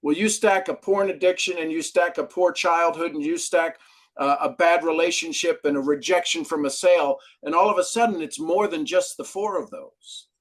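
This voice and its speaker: Animated storytelling man, slightly high voice. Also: moderate pace. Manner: animated storyteller, acts out quotes. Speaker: guest, brain trainer. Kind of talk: podcast interview.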